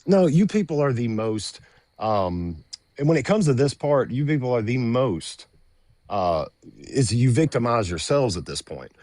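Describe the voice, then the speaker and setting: A man's voice: mid-range voice, big pitch swings, a little slow, darkish tone, dry recording, clean studio sound. A man from the American South, a debate guest who defends himself and cuts in with short agreements.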